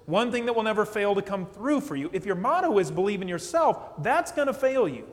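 A man preaching a sermon as pastor, animated and conversational, often checking in with "okay?". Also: sits high, a little fast. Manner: animated preaching, acts out quotes, asks "okay?". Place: church sanctuary. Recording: long church reverb.

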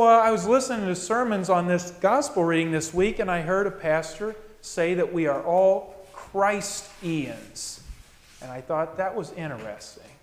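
A male pastor giving a conversational sermon to his congregation and acting out quoted voices. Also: fairly high pitch. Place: church sanctuary. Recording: echoey hall.

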